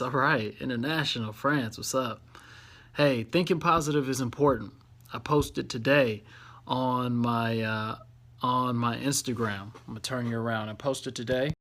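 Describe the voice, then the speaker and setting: A man's voice: medium pitch, a bit bright. A man hosting a casual livestream from his office, greeting viewers by name and place and speaking in an upbeat, encouraging way.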